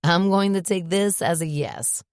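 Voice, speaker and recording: Audiobook: woman reading a gentle, amused man, low and soft-spoken. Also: unhurried, clean tone, no echo, clean studio sound. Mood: tender. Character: tender, amused man proposing, gentle and husky.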